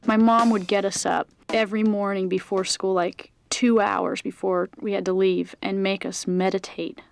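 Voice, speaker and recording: A woman from San Francisco telling comic stories in a halting, hesitant way. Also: medium pitch, little pitch movement, creaky, over music. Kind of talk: improvised comic storytelling.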